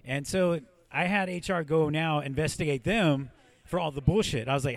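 A man's voice: a little high, moderate pace. A man hosting a podcast, telling rambling, profane stories in casual chat. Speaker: podcast host.

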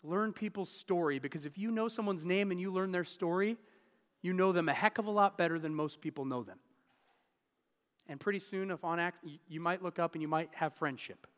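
A man's voice: sits high, fairly quick, a bit bright, long reverb tail. A man in his thirties giving a sermon as pastor, telling personal stories in an earnest, candid way. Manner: earnest, candid storytelling with restarts.

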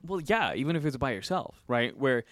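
A man's voice: medium pitch, very animated, brisk, fairly bright tone, dry recording. A young man co-hosting a podcast, teasing and prodding his friends in a pushy, profane casual chat. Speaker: podcast co-host.

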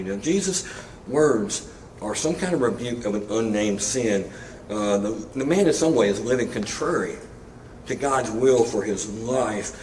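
Male pastor, sermon, relaxed and conversational, echoey room, mic a bit distant. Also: mid-range voice, moderate pace, slight background noise. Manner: conversational preaching with casual asides and humor.

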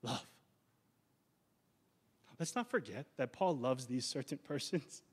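A man's voice: mid-range voice, lively intonation, slightly rough. Male pastor, conversational sermon, drags out key words for punch. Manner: conversational preaching, slows down for emphasis.

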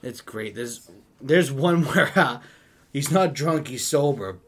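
A man's voice: mid-range voice, expressive, takes it slowly, slightly rough. A man chatting casually, telling funny stories with lots of laughter and acting out what others said. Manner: giggly storyteller, laughs often, acts out quotes. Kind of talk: casual chat.

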